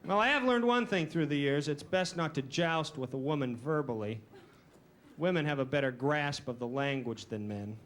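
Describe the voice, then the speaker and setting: A male stand-up comic works through his routine in a dry, deadpan way and turns most jokes back on himself. His voice sits a bit high for a man. The sound is an old videotape recording, with clear hiss running under it. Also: moderate pace. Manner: dry, deadpan delivery with self-deprecating asides. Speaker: stand-up comedian. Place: comedy stage before a live audience. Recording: noisy early 1990s VHS recording.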